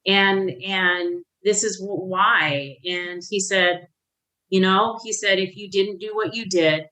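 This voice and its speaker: This is a woman in her fifties with a bright, forceful voice, a guest on a podcast. She tells her own life story candidly and with emotion. She often breaks off and restarts her sentences. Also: mid-range voice, slow, low-quality recording. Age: 50s. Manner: emotional, animated when reliving moments, frequent restarts.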